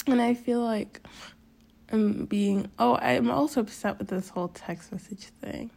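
A young woman vlogging at home, high and upset, rambling through a sweary confessional rant and laughing nervously between phrases. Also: animated, unhurried, gravelly, a little mellow, a little hiss or hum. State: upset, near tears. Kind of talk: casual confessional vlog rant. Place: home, indoors.

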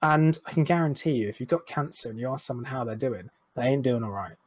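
A man's voice: mid-range voice, quick pace, husky, no echo. A young man talking candidly as an interview guest, frank and rambling, with restarts and self-deprecating asides. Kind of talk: candid personal conversation.

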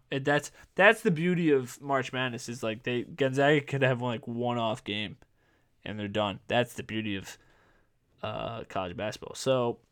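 A man's voice: medium pitch, clear, resonant tone. Casual young man rambling on a sports podcast. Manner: rambling, filler-heavy, self-correcting. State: voice going hoarse. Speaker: podcast host.

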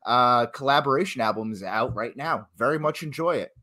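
A man's voice: mid-range voice, a little fast, bright, forceful tone. A man co-hosting a podcast, chatting casually with a jokey, playful manner. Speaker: podcast co-host. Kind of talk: casual chat.

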